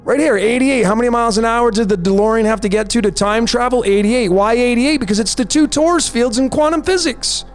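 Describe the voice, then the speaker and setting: High-voiced man, insistent numerology host, repeats himself, soft music behind. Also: a little fast, hardly any pauses. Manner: insistent, repeats "folks" and "there it is". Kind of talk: conspiracy commentary over slides. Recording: faint music bed behind voice.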